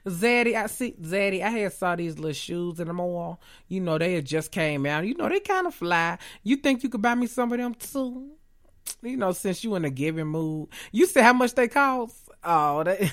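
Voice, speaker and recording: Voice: mid-range voice, creaky. A podcaster acting out a flirty woman wheedling a man for gifts and money in a coy voice. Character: flirty gold-digging woman begging for gifts.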